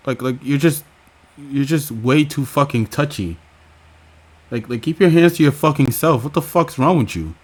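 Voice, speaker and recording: Crude, incredulous man reacting loudly. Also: mid-range voice, lively intonation, normal speed. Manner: crude, incredulous, loud outbursts. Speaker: reaction commentator. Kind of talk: profane reaction commentary.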